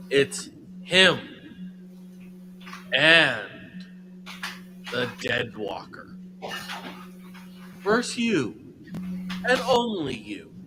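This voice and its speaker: Man doing a smug wrestling general manager, loud, slow, wide-ranging, taunting, noisy room. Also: fairly high pitch, exaggerated voice.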